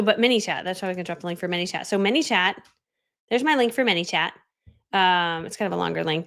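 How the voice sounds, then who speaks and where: A woman's voice: lowish voice, vocal fry, a bit bright. A woman coaching viewers through a casual live stream, bubbly and chatty, laughing often and dropping into whispered asides. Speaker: online business coach.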